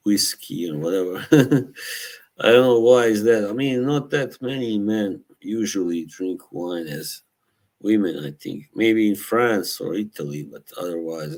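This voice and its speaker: A man's voice: low-pitched, darkish tone. A man hosting a live stream, chatting casually with viewers, rambling and laughing often at his own stories while searching for words. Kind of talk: casual chat reacting to live chat.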